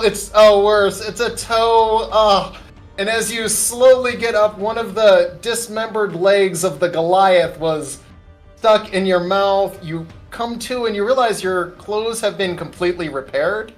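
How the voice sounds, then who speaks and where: A man as game master, narrating a tabletop game in a casual, rambling way. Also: sits high.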